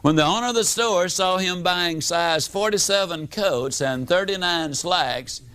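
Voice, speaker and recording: A man, giving a motivational seminar talk as a storyteller, animated, with dramatic swings in pitch and loudness. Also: a little slow, clear, resonant tone. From United States. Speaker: motivational speaker.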